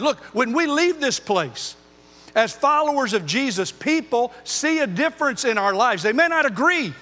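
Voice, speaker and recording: An older man preaching a sermon as pastor, earnest, moving between loud emphasis and quiet intensity. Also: extremely high pitch, big-room sound.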